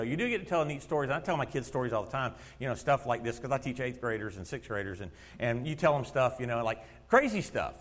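A man in his fifties preaching a sermon in a church, telling stories in an animated way, acting out quotes and laughing often. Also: on the high side. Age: 50s. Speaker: lay preacher and schoolteacher. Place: church sanctuary. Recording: long reverb of a church hall.

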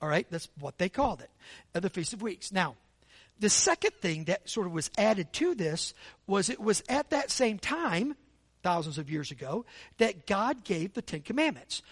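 A male pastor delivering a sermon in an easy, conversational tone. He keeps asking the congregation for agreement and speeds up on his asides. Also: high-pitched. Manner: conversational, asks the congregation for agreement with repeated "right?".

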